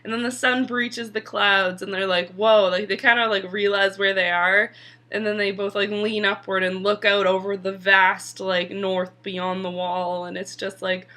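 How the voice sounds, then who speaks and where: A woman's voice: medium pitch, level tone, moderate pace, pushed and bright. A young woman casually recapping a TV episode, chatty and full of "like" fillers, sometimes swearing. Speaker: TV episode reviewer.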